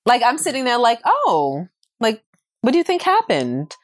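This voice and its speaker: A woman's voice: a little high, wildly swooping pitch, normal speed. A woman co-hosting a podcast in casual chat with her partner, pressing him with pointed, teasing questions. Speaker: podcast co-host.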